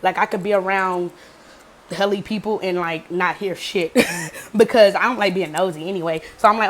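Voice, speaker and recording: A woman's voice: mid-range voice, fairly quick, a little hiss or hum. A young adult woman vlogger casually telling a story, cursing freely and acting out quotes. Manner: profane, animated storytelling with acted quotes.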